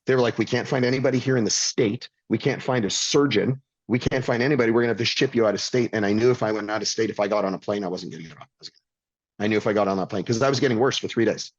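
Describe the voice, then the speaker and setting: A man's voice: on the low side, quick pace, husky, dry recording, dull audio. A middle-aged man telling a blunt, intense personal story as a podcast guest, swearing freely. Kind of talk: candid storytelling.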